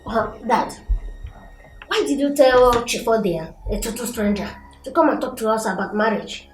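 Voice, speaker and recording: A man's voice: extremely high pitch, lively intonation, moderate pace, faint music behind. An actor playing a brash young prince who argues with his father and schemes with his brother. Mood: protesting. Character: young adult royal son, brash and scheming. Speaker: prince, king's son. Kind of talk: film acting.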